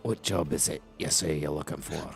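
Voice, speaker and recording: A man voicing a gruff, suspicious dwarf questioning strangers in a tavern. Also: very deep voice, normal speed, soft background music.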